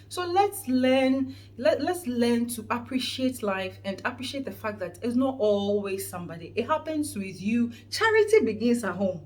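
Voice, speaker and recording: A woman's voice: medium pitch, slight background noise. A woman with a Ghanaian accent giving an earnest, preachy motivational vlog talk, stressing points and often restarting words. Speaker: vlogger host.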